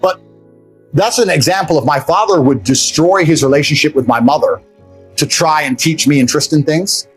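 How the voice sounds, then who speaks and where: A man's voice: a little high, moderate pace, husky, faint music behind, rough recording. A man telling a personal story as an interview guest, blunt and profane, with rambling asides.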